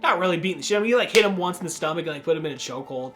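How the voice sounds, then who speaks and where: A man hosting a podcast, casually recapping a horror movie in a rambling, profane way, full of "dude" and quick acted-out quotes. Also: on the high side, lively intonation, fairly bright tone. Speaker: podcast host reviewing a horror film.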